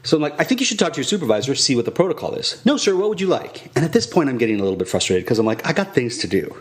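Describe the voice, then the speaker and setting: A man's voice: medium pitch, rapid-fire. A man co-hosting a podcast, telling a comic story about a customer service chat and acting out both sides of the exchange. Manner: animated, acts out both sides of a conversation. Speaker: podcast co-host.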